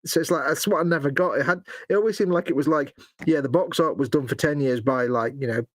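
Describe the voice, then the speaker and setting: A man's voice: a little high, quick pace, no room sound. A British man co-hosting a live painting stream, bantering with jokes, teasing and cheeky asides. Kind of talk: casual banter while painting.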